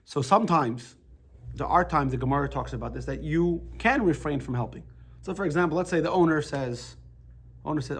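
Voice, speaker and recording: Fairly high-pitched, animated, and husky, a man leads a Torah class with a conversational, stop-and-start delivery. He cracks jokes and frequently begins his sentences over.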